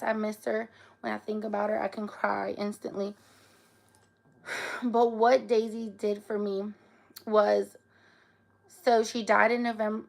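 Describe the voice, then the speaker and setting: A woman's voice: mid-range voice, gravelly. A woman hosting a casual live stream, talking emotionally and often tearfully. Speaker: livestream host.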